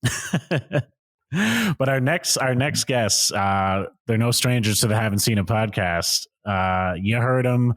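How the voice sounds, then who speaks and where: A man's voice: on the low side, slow. A man from Canada co-hosting a podcast over a video call, laid-back and self-deprecating. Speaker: podcast co-host. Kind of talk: casual chat.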